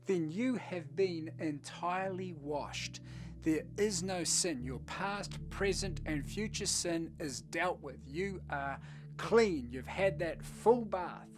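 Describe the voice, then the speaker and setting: A pastor giving a short devotional message in a conversational, storytelling manner. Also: mid-range voice.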